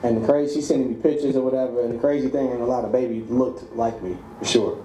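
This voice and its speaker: A man's voice: medium pitch, fast talker. A man casually telling a personal story, acting out the voices of the people in it and laughing along the way. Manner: animated, acts out quoted voices, laughs mid-story. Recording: roomy echo with faint background noise.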